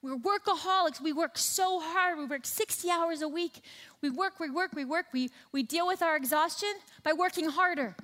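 Nadrukkelijke vrouw die predikt in een galmende zaal. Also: female voice, very high-pitched, moderate pace, sharp tone, in a large hall. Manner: emphatic, repeats phrases for rhythm. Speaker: speaker at a church teaching session. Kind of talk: sermon.

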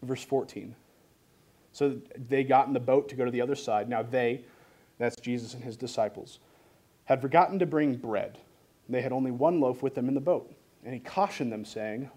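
A man preaching a sermon, reading scripture and explaining it in an animated, joking style. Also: medium pitch, moderate pace.

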